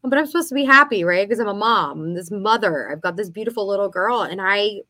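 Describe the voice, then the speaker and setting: A woman's voice: mid-range voice, lively intonation, quick pace, sharp tone, no echo. A woman in her thirties co-hosting a casual podcast, telling stories and acting out past conversations. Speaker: podcast co-host. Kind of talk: casual chat.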